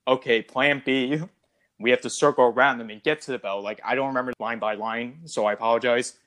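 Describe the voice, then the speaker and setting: A man's voice: medium pitch, fairly even intonation, fairly quick, fairly bright tone. A man co-hosting a casual podcast about a film, talking it through and acting out character lines in a raised voice. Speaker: podcast co-host. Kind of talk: casual movie discussion.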